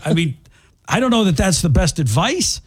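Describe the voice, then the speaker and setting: A man with a fairly high, husky voice that swings up and down a lot as he jokes his way through a radio show. He reads odd news items and riffs on them in loose, wry banter with his co-host. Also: sing-song, moderate pace.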